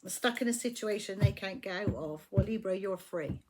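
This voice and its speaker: A woman's voice: medium pitch, moderate pace, hardly any pauses, very noisy. A woman giving a casual, chatty tarot reading, swearing freely and checking in with the listener again and again. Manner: chatty, profane, keeps asking "do you know what I mean". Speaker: tarot reader.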